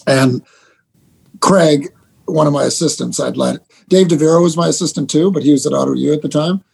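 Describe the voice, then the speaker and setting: A middle-aged man, a basketball head coach, telling animated stories with laughter and quick restarts in a casual interview. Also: a little high, creaky, breathy edge. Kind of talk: storytelling guest in a casual interview.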